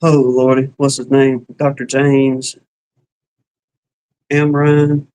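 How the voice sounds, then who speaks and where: A man with a Southern drawl talks casually on a live stream, folksy and rambling, stopping often to hunt for a word. His voice sits at an ordinary middle pitch. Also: level tone, slow, a little mellow, smooth, poor audio. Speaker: beekeeping livestream co-host. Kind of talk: casual chat.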